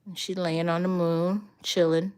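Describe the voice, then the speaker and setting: An older woman, a grandmother and art instructor, chatting casually on a livestream, talking to viewers by name and retelling stories with lively energy. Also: on the low side, unhurried, smooth.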